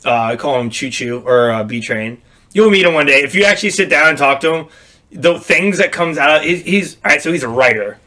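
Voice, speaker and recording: Man in his thirties, bright voice, profane joking banter, casual podcast chat. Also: on the high side, expressive, fairly quick. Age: 30s. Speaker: podcast host; bartender.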